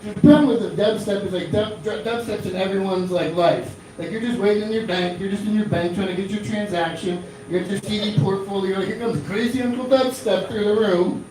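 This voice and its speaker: A man's voice: high-pitched, steady tone, fairly quick, few pauses, a little mellow, a little hiss or hum. A man in his thirties from Florida doing a rambling stand-up comedy set in a small club, full of fillers and restarts. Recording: echoey club from a distant mic.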